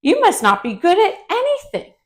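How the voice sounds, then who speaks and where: A woman's voice: very high-pitched, huge pitch swings, normal speed, pitched above the performer's own voice, exaggerated voice. A woman voicing a big, strong male forest animal who mocks a little bee in a children's yoga story. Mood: mocking. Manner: taunting, mocking.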